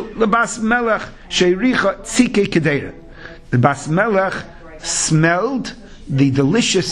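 A man teaching Talmud as a rabbi, chanting the text in a sing-song and weaving in Hebrew and Yiddish terms. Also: a little high. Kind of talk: Talmud lesson in Yeshivish English.

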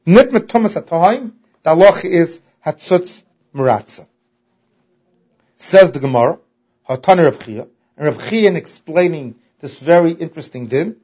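A man teaching a Talmud lesson, reading the text and explaining it in a sing-song way that stresses key words. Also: high-pitched. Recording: dull lo-fi audio.

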